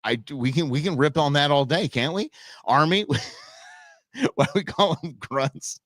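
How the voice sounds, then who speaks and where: A man's voice: a little high, measured pace, a bit bright, no room sound, studio quality. A man hosting a live show, chatting casually with viewers and laughing often as he reacts to their comments. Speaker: livestream show host.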